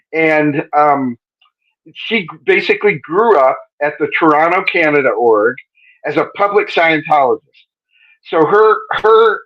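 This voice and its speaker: A man hosting a live-stream interview over a video call, chatty, joking and rambling with frequent self-corrections. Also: on the high side. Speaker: interview host. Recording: dull lo-fi stream audio.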